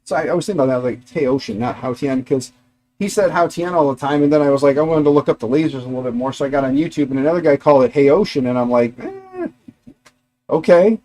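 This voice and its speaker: A man's voice: on the high side, rapid-fire, warm tone. A middle-aged man hosting a casual livestream from his garage workshop, rambling chattily and talking to his dogs and viewers. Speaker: livestream host.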